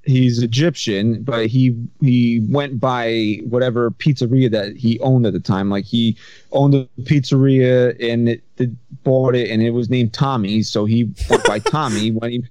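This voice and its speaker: A man's voice: medium pitch, fairly even intonation, measured pace, dark tone, dry recording, lo-fi sound. A man co-hosting a podcast, telling stories in a rambling casual way. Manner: rambling storyteller, many restarts. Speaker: podcast co-host.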